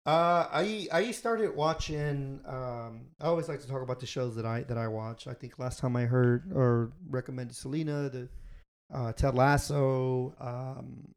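A man's voice: medium pitch, unhurried. Young man rambling on his podcast. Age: young adult. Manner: rambling, self-correcting, recommends shows. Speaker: podcast host. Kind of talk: casual podcast chat.

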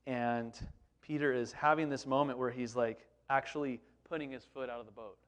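A man preaching a sermon in a conversational, animated way, with frequent rhetorical questions to the congregation. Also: mid-range voice, moderate pace. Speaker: pastor.

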